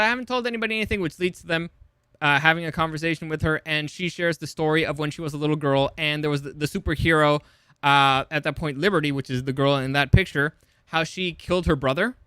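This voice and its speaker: A young adult man casually recapping a TV episode as a show host, chatty and loose, swearing and paraphrasing characters in quick asides. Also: a little high, fairly even intonation, pushed and bright, clear, resonant tone, no room sound.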